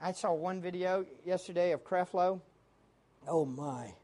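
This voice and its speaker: A woman's voice: on the low side, a little slow, mellow. A woman preaching a sermon in an emphatic way, asking the congregation questions and answering them herself.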